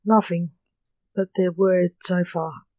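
Reader doing a worried magician dad in a story, short-tempered, slow delivery. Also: medium pitch, level tone, darkish tone, no room sound, close to an everyday voice. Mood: urgent. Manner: snappish and urgent. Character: stern male magician, worried father.

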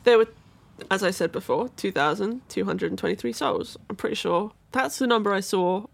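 Giggly, gravelly-voiced young woman. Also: mid-range voice, fairly quick. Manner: teasing, giggly, swears casually. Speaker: podcast co-host presenting the facts. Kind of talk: casual comedic chat.

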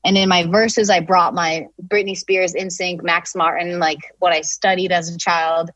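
A woman's voice: on the low side, flat delivery, normal speed, a bit bright, dry recording, dull audio. A woman, a singer-songwriter, chatting casually and telling a story with lots of fillers, acting out the lines she quotes.

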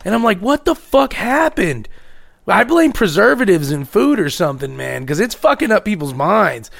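A man's voice: very animated, a little fast, creaky, fairly bright tone. A man co-hosting a podcast, telling profane stories in casual chat and acting out what others said. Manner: profane, storytelling, acts out quotes in lowered voice. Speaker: co-host. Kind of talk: casual crude podcast banter.

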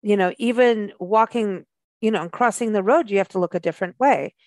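A woman's voice: medium pitch, fairly quick, darkish tone, no room sound. A woman from South Africa hosting a radio travel show, chatting in a rambling way full of "you know". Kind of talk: casual radio chat.

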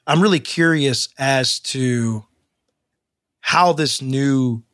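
A man co-hosting a podcast in casual chat, animated and rambling, with frequent laughs. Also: medium pitch, takes it slowly, no room sound, studio quality. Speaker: podcast co-host.

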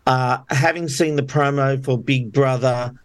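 A man hosting a podcast in casual chat, chatty and quick to laugh. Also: mid-range voice, fairly even intonation. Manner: chatty, laughs easily, restarts often. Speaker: podcast host.

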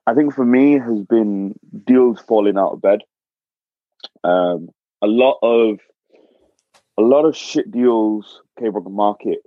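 A man telling a property investor's story in casual chat, repeating words when excited. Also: lowish voice, no room sound, phone-quality sound.

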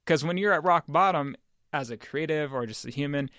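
A man's voice: on the high side, fairly quick, fairly bright tone, clean tone, no echo, studio quality. A man speaking as a podcast guest in casual chat, reflective and rambling, with lots of filler words.

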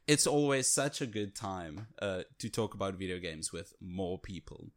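A man co-hosting a casual video game podcast, talking in an excitable, animated way. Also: low-pitched, moderate pace. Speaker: podcast co-host. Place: home setup, virtual studio.

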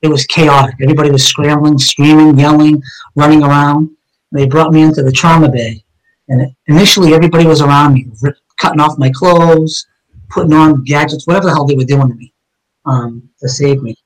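A man's voice: a little high, fairly even intonation, a little fast, rough recording. A man, a police officer, telling his own story in a conversation, blunt and emphatic with heavy cursing.

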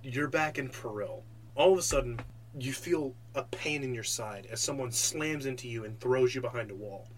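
A man narrating a tabletop game as game master, with a relaxed, filler-heavy delivery. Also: mid-range voice, moderate pace, a little hiss or hum.

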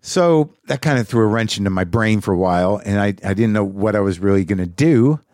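A man's voice: on the low side, expressive, brisk, a little mellow, no echo. Middle-aged male podcast host, wry and rambling, restarting his sentences, dead-dry recording. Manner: rambling, self-interrupting, wry. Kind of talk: casual monologue.

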